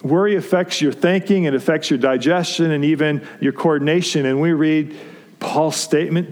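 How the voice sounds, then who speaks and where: A man's voice: a little high, steady tone, normal speed, a little mellow, in a large hall. A male pastor preaching a conversational sermon to his congregation, often restarting his phrases. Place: church sanctuary.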